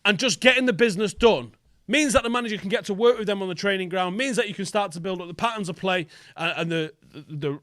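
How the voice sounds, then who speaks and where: A man's voice: high-pitched, fairly bright tone, no room sound, studio quality. A young man hosting a football fan vlog, ranting in an angry, sweary, emphatic way. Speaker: football fan channel host.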